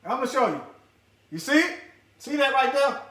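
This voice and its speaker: Very animated and speaking at normal speed, a man with a sharp, bright, very high voice lectures his viewers directly in a preachy tone. Short phrases get repeated to drive points home, and he murmurs asides while searching the screen, all in a roomy, echoing space.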